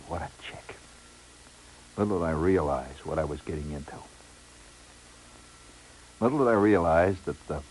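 A man's voice: deep voice, darkish tone, slightly rough, poor audio. A middle-aged man telling a comic first-person story in a wry, rambling way with lots of asides. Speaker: radio storyteller.

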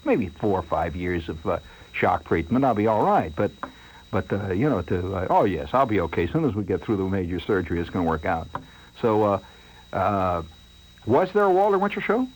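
Animated male radio host, theatrical monologue. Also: low-pitched, normal speed, slightly rough, poor audio. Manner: theatrical, swings from hushed to excited; comic, self-mocking storytelling. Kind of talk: rambling late-night radio monologue.

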